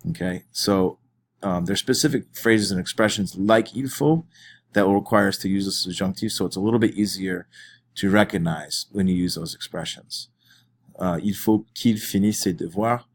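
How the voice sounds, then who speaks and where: A man with a fairly low voice teaches his class, walking through each step of the lesson. He talks at an easy pace with the odd filler and restart. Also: normal speed. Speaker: French teacher.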